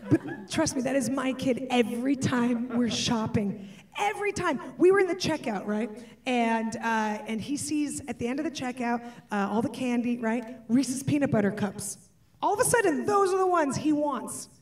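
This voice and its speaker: High animated woman doing stand-up. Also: normal speed, recorded from a distance. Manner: animated, shifting between voices. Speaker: stand-up comedian. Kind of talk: stand-up comedy set. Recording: live stage, off-mic, audience laughter.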